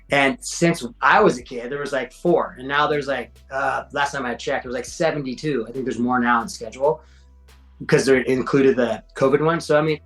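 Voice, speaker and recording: He's a podcast guest in his forties, medium-pitched, telling casual stories with slang, profanity, and acted-out quotes. Audio is poor.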